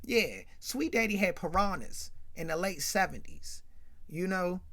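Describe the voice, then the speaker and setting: A man hosting a casual rant about an old sitcom, chatty and full of fillers. His voice is bright and sharp. It rises and falls a lot as he tells the story. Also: sits high, measured pace. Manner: animated, chatty, many "you know" and "right?" fillers. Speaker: commentary host.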